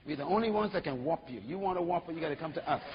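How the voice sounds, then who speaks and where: A man's voice: lively intonation, very fast, in a large hall, muffled recording, lightly acted. A man voicing a boastful male burger chain spokesman bragging about his product. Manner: bragging sales pitch.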